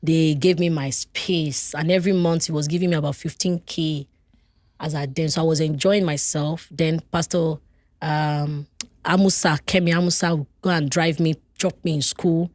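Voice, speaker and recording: Nigerian woman guest, lower voice, dry close mic, animated personal storyteller. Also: normal speed, no room sound. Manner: animated, vivid retelling with laughter. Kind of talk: personal storytelling in a podcast interview.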